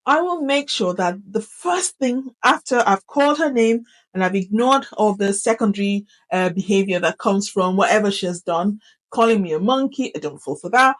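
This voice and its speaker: A middle-aged woman teacher explaining classroom management in an animated, emphatic way, often repeating key phrases for effect. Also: mid-range voice, normal speed, rough recording. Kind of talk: instructional talk to camera.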